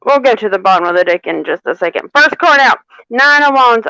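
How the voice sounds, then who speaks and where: A woman's voice: fairly high pitch, animated, a little fast, bright, forceful tone, no room sound. A woman who is a tarot reader, chatting in a sassy, playful, teasing way during a live reading. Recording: dull, muffled mic.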